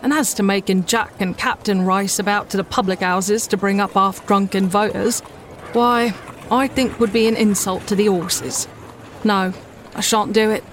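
A principled cab driver and father from a classic storybook, steady and grave as he talks of conscience. A woman reading aloud gives him her own even voice. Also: medium pitch, normal speed, slight background noise, natural voice. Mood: firm. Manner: steady, serious, moralizing.

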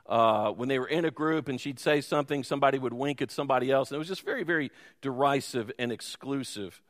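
A man's voice: medium pitch, fast talker. A man preaching a sermon as pastor, telling a story and making self-deprecating asides to the congregation. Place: church sanctuary. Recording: long hall reverb.

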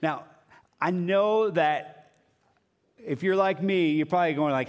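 Male pastor, conversational sermon delivery with quiet drops, light and high-ish voice, long reverb of a church hall. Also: a little slow, pauses often, clear, resonant tone.

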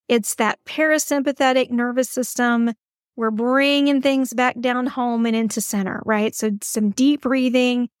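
A woman hosts an advice podcast in a chatty, emphatic, encouraging way. Her voice sits fairly high. The sound is dry and close to the mic. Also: no echo. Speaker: podcast host.

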